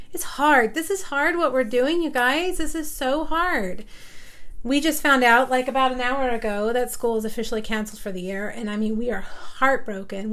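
A woman chats her way through a papercraft live stream from her home craft room, rambling from one thought to the next and calling out to viewers by name. Her voice sits a little high for a woman. The talk is loose and conversational, never scripted. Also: a bit bright. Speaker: papercraft livestream host. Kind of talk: casual live-stream chat.

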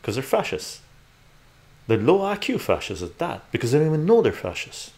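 Gravelly, ranting male streamer. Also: medium pitch, wildly swooping pitch, moderate pace, a little mellow. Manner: profane, sarcastic, ranting. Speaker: livestream host reading viewer chat. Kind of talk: ranting livestream commentary.

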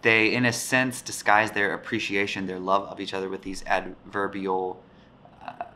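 A man with a fairly low, bright, forward voice talks about a play he teaches. His delivery is loose, rambling and thoughtful, with frequent pauses, and there is a faint hum of ambient noise behind him. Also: level tone.

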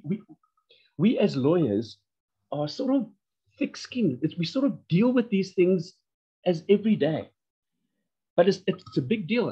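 Man, course instructor, animated and emphatic, higher-pitched, husky, muffled lo-fi video-call sound. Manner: animated and emphatic, repeats phrases. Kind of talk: online lecture. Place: home lounge.

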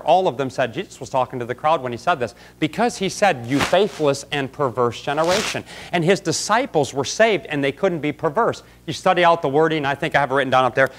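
A man's voice: fairly high pitch, fairly bright tone. A man preaching a folksy, fiery sermon in a church, calling out congregants by name. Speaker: pastor. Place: church sanctuary.

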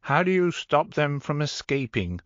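A man's voice: a little high, measured pace, dry recording, dull audio, pitched above the performer's own voice. A man voicing a cool, bored dominatrix woman. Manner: flat, clipped, unbothered.

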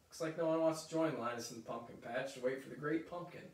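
A man reading a children's book aloud at a middle pitch, adding chatty asides as he goes. The room echoes, and he sits back from the mic. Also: fast, background noise. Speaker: story reader. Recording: roomy echo, mic at a distance.

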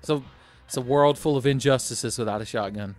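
A man's voice: medium pitch, brisk. A man hosting a late-night gaming show, giving profane, sarcastic let's-play commentary, a bit tipsy from drinking. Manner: profane, sarcastic, bursts into yelling.

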